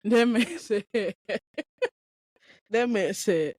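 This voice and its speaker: Her mid-range voice has a darkish tone and a moderate pace as she hosts a podcast, chatting through a story in a rambling way and speaking directly to listeners. The recording is studio quality with no echo.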